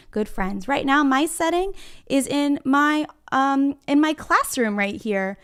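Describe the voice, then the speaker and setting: A woman's voice: high-pitched, expressive, slow pace, a bit bright. A woman teaching a reading lesson to young children from her classroom, speaking encouragingly and directly to them. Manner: encouraging, talks straight to the children. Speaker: kindergarten teacher.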